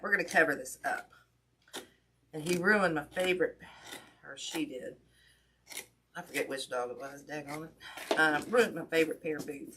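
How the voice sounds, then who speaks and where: A chatty woman talks her viewers through a craft project on a livestream, a little out of breath, apologizing as she goes and greeting people by name. Her voice sits fairly low, picked up by a camera mic some way off, with a steady hiss of noise behind it. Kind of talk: casual livestream chat while crafting. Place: indoor home craft room. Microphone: camera mic at a distance. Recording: distant mic with audible background noise.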